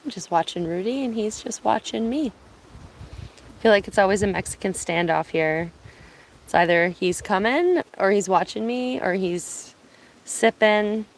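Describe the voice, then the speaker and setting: A woman from Ontario chatting casually on an outdoor live stream, speaking softly, answering viewers and laughing easily, filming on her phone. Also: mid-range voice, unhurried, slight background noise, poor audio. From Ontario, Canada. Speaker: live-streaming bird watcher. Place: outdoors at a cottage. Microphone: phone on binoculars, held by hand.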